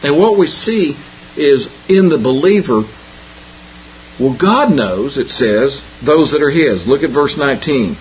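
Over a dull lo-fi recording with slight hiss or hum, a man gives a folksy sermon at a measured pace. His medium-pitched voice is expressive as he repeats and restarts phrases and tells homespun jokes.

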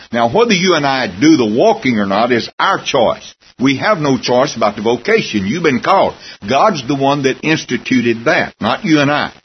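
A man's voice: medium pitch, dull audio, slight background noise. A man preaching a sermon in a folksy, emphatic way, with wry asides.

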